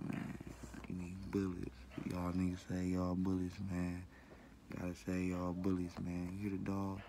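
A deep, gravelly-voiced man rambles on in a loose, slangy, repetitive way, cussing now and then. He talks casually to his viewers with a low, rough tone. Faint background noise sits under his voice. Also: completely flat delivery, unhurried. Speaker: vlogger. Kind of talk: casual talk to camera.

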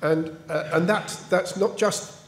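A man's voice: sits high, slow. An older man, a professor speaking on a panel, answering thoughtfully and repeating words as he builds a point. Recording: echoey hall.

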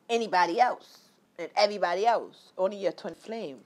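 A woman vlogging a candid personal story, animated and profane, leaping into high exclaimed quotes and talking straight to her viewers. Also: fast. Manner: repetitive filler-heavy talk addressing viewers directly.

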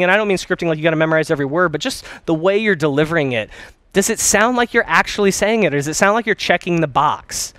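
Male practice consultant, young, high-pitched, lively and chatty, demonstrates phone lines, crisp tone. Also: a little fast, no echo. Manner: energetic, conversational, acts out sample phone calls. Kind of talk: course talk on phone skills.

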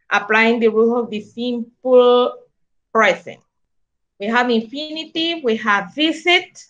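A woman teacher, slowly explaining English grammar rules and switching into to clarify. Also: fairly high pitch, bright, forceful tone. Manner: slow, deliberate, switches between English and Spanish explanations. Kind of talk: classroom grammar lesson. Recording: dull lo-fi recording.

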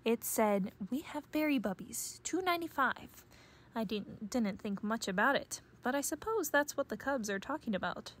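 A woman voicing a calm, thoughtful bear mother in a children's read-aloud. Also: fairly high pitch, normal speed.

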